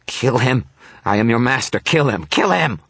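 A man's voice: extremely low pitch, slow pace, gravelly, fairly bright tone, slightly rough, no room sound, full character voice. A man playing a sneering, cowardly villainous sorcerer in an audiobook, gloating and then shrieking in panic. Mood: panicked.

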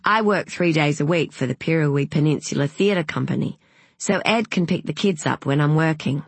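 A woman's voice: low voice, breathy edge, dry recording. A narrator voicing an outspoken, hot-tempered woman, mother of young kids. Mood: chatty. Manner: emphatic, quick to flare up.

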